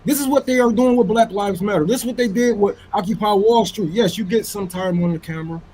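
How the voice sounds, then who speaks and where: Casting: high-voiced man, fiery activist, profane, hammering repetition. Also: fast, warm tone, a little hiss or hum, low-quality recording. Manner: fiery, profane, repeats phrases for emphasis. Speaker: activist panelist. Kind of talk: impassioned political rant.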